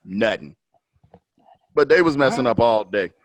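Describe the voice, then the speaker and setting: A man from Virginia telling a story in casual podcast chat, slangy and animated, acting out what others said. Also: mid-range voice, measured pace. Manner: animated, slangy, acts out quotes. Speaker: podcast co-host. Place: podcast studio.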